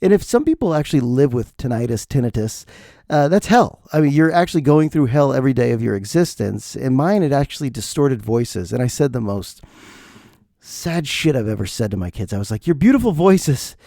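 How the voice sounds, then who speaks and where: A man's voice: mid-range voice, expressive, fairly quick, vocal fry, mellow, dry recording, clean studio sound. A middle-aged man hosting a podcast, delivering a jokey, ranting comedic monologue. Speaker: podcast host.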